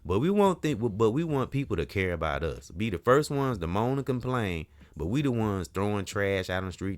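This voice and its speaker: Deep-voiced man in an earnest rambling monologue. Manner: earnest, rambling, peppered with "you know" and cussing. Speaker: community vlogger. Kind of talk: casual talking-head monologue.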